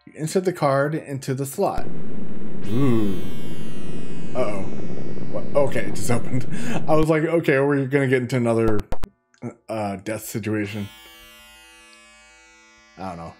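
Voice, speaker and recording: Over music, a man hosting a gaming video comments casually on his playthrough in an expressive, mid-range voice. He talks a little slowly with frequent pauses, thinking out loud and tripping over the on-screen text before starting again.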